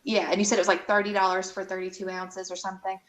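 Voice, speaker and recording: A woman co-hosting a casual chat, speaking hesitantly with frequent pauses and restarts. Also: medium pitch, level tone, reverberant, crowd noise. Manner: hesitant, many ums and restarts. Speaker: co-host.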